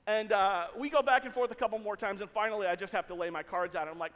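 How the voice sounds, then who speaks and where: A man pastor telling a story in an animated, jokey way to his congregation in a church hall. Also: high voice, fast, hardly any pauses. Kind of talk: sermon storytelling.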